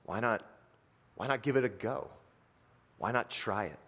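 A man voicing a wise, brave male servant who pleads gently, speaking softly, low and earnest. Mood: gentle plea. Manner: soft, low and earnest, slowing on key words.

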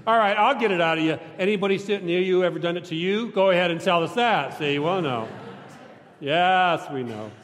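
A male pastor preaching a sermon in a large church, talking conversationally and joking with the congregation, sometimes breaking into shouts. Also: sits high, brisk. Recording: long church reverb.

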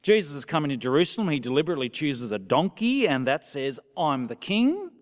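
A man's voice: fairly high pitch, quick pace. Male minister giving a sermon, voice jumps up and down a lot, asks the people lots of questions. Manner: animated, questioning the congregation with sudden soft drops.

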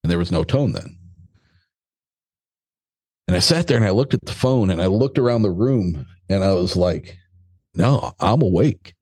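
A man's voice: sits low, lively intonation, moderate pace, pauses often, a little mellow, no room sound. A middle-aged American man, a podcast guest, telling a story in a casual, blunt and joking way, with some mild swearing.

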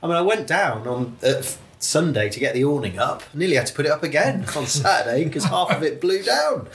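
An animated man tells a vivid story, his fairly high voice rising and falling widely. Faint room noise sits behind him. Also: fairly quick. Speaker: podcast guest. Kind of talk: casual chat.

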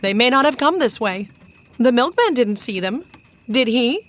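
A woman's voice: on the high side, lively intonation, moderate pace, slight background noise, voice pushed up, lightly acted. A woman voicing a grumbling baker's wife.

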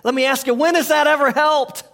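A man with a high voice gives a relaxed, conversational sermon. He speaks like a pastor talking with his congregation and has them repeat short phrases back to him. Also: brisk. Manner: conversational preaching, leads the audience in call-and-response.

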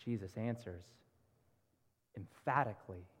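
A man's voice: lowish voice, unhurried, breathy edge. A man preaching a sermon as pastor, earnest, asking pleading rhetorical questions of his congregation. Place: church sanctuary. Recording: reverberant church hall.

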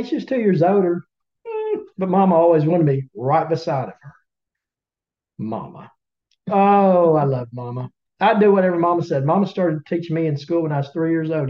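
A man's voice: a little high, muffled recording. A man with a Southern US accent, a podcast co-host telling a folksy story to listeners in a drawling, chatty way with teasing asides. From Southern United States.

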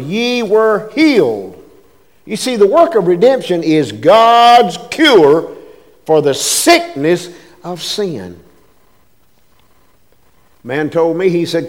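A man with a high voice preaches in a folksy, emphatic way and calls out to his listeners. His pastor's sermon rings through a church with a long, lingering reverb. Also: darkish tone. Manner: folksy, emphatic preaching with call-outs to the congregation.

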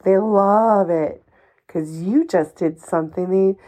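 A woman's voice: medium pitch, slow, dark tone. A woman hosting a solo advice podcast, talking in an emphatic, encouraging and somewhat ranty way, swearing casually. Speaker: podcast host.

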